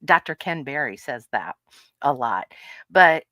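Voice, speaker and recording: Brief: middle-aged female podcast co-host, low voice, dry close sound, lively storyteller who laughs a lot. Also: unhurried, no echo. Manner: animated storyteller, laughs often, acts out quotes. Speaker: podcast co-host and health coach. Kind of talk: casual podcast chat. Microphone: podcast microphone.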